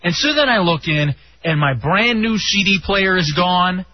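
A young man from Texas hosting a radio show, telling stories in an animated way with casual swearing. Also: high voice, measured pace, a little hiss or hum. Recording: dull lo-fi radio sound.

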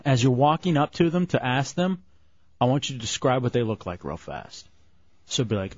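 A man's voice: medium pitch, a little fast, a little mellow, no room sound, muffled recording. A man hosting a talk radio show, bossing and mocking a young helper. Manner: bossy, mocking, gives orders. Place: radio studio.

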